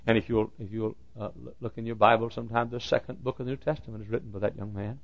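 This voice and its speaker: A man preaching a sermon, repeating phrases for emphasis and swinging from loud outbursts to hushed lines. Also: on the low side, little pitch movement, fast, creaky, hardly any pauses. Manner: swings between loud shouted lines and hushed quiet ones; repeats phrases for emphasis, acts out quoted dialogue. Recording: dull lo-fi recording.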